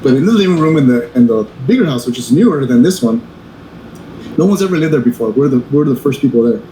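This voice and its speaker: A man's voice: mid-range voice, expressive, warm tone. A man co-hosting a podcast, chatting casually with a lot of restarts and fillers. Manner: halting, many restarts and fillers. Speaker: podcast co-host. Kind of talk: casual chat. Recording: echoey room with faint noise.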